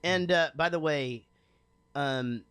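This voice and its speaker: A man's voice: fairly high pitch, takes it slowly, a bit bright, clean tone, no room sound. A man co-hosting a podcast, chatting in a laid-back, joking way. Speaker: podcast co-host. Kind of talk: casual chat.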